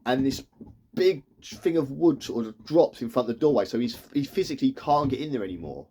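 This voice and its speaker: Male TV reviewer, choked up, retells scenes loosely and voices the characters, mid pitch. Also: animated, fairly quick, a little mellow, slight background noise. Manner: rambling retelling that acts out characters' lines. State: tearful, emotional. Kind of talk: emotional episode recap.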